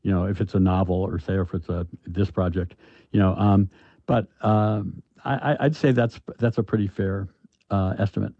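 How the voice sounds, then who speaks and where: An older man, an author, answering interview questions in a halting, thoughtful way with many restarts. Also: sits low, steady tone, dry recording. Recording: dull, lo-fi, dry sound.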